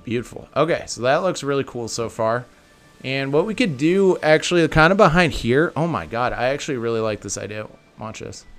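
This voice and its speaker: With faint music behind him, an animated man speaks briskly in a mid-range, fairly bright voice. He's walking viewers, whom he calls "guys", through a building tutorial, chatting casually and correcting himself as he thinks out loud.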